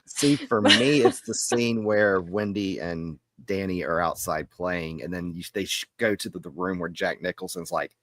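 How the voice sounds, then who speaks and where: A man hosting a podcast, asking guests questions in casual chat and laughing loudly. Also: low-pitched, moderate pace, hardly any pauses, dry recording. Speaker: podcast host. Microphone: home mic on a video call.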